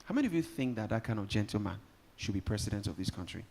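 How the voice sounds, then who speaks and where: Fast and creaky, the lowish voice belongs to a Nigerian man emceeing a live summit in a conference hall, who jokes with his guests and energetically rallies the audience.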